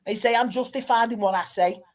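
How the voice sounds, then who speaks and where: A woman's voice: fairly high pitch, brisk, a little mellow. A woman on a football chat panel, chatty and loose, trailing off and leaning on "like" as a filler.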